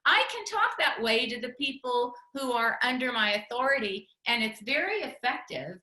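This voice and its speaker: A woman's voice: a little high, expressive, moderate pace, bright, forceful tone, echoey room. A woman teaching a communication workshop with her husband, chatty, with frequent laughs and restarts. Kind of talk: teaching talk with spouse.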